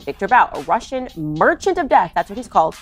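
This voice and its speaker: Woman, political commentary, sarcastic, mocking, mid pitch, faint music behind. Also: very animated, brisk. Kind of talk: opinionated monologue.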